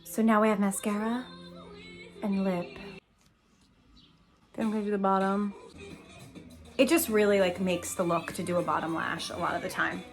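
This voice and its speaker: A woman's voice: mid-range voice, moderate pace, long pauses, faint music behind. A young woman talking casually through a makeup tutorial, chatty, giggly and self-deprecating. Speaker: Broadway actress doing a makeup tutorial.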